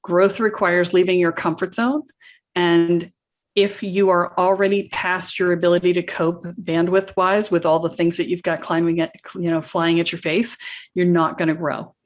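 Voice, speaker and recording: A middle-aged woman with a slightly low voice talks as a podcast guest. She tells her stories with vivid energy, acting out each exchange and often breaking into laughter. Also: flat delivery, normal speed. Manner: vivid storyteller, acts out dialogue, laughs often. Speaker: podcast guest, shaman and coach. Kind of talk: animated storytelling in conversation.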